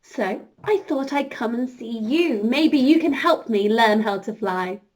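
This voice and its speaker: A woman's voice: on the high side, animated, measured pace. A woman voicing an eager young woman in a children's story who sighs wistfully about meeting a prince. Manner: wistful, sighing.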